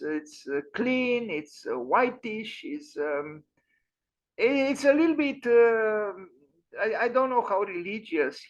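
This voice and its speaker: A man hosting an online architecture lecture, pausing often with fillers and restarts. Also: high voice. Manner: hesitant, many fillers and restarts. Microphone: video call. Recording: dull lo-fi online audio.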